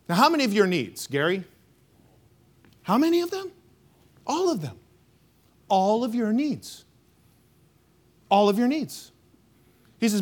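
Male pastor, sermon, emphatic call-and-response, high voice. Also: sing-song, takes it slowly, long pauses. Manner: emphatic, call-and-response preaching with rising and dropping delivery.

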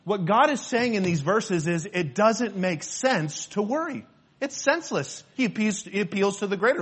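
A man's voice: sits high, lively intonation, moderate pace, husky. A pastor preaching a sermon, earnest and repetitive, quoting scripture between his own points. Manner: earnest preaching, repeats phrases, quotes scripture.

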